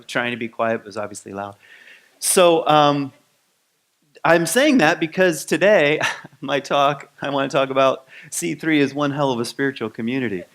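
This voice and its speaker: Relaxed rambling man giving a talk. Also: mid-range voice. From Grand Rapids, Michigan. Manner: relaxed and rambling, many ums and restarts. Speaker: speaker at a spiritual community. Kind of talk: conversational sermon.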